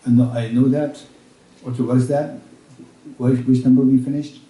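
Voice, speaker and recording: A man teaching Buddhist practice at a retreat, repeating each point slowly as if dictating, with halting restarts and check-ins with his listeners. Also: mid-range voice, little pitch movement, warm tone. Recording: roomy room, speaker far from mic.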